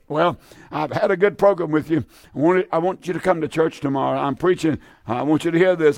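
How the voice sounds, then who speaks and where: Radio preacher, male, gravelly tone, pleading and fervent, dry close sound. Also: a little high, a little fast, no echo. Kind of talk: radio sermon and prayer.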